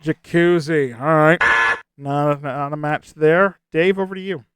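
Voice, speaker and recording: A man's voice: a little high, a little slow, very noisy. A man hosting a game show, upbeat and laughing often as he reads out the prompts.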